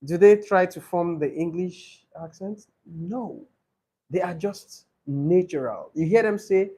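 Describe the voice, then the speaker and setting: A man leads a speaking-test training class. His voice sits high. He moves at a slow, deliberate pace and repeats each rule for note-takers. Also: warm tone, slightly rough. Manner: repeats key rules slowly for note-taking. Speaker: IELTS trainer. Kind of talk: classroom teaching. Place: training session room.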